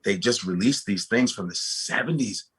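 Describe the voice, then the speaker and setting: A comedian talking casually as a guest, animated and profane, often restarting his sentences. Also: on the low side, normal speed, husky. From United States. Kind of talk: casual podcast conversation.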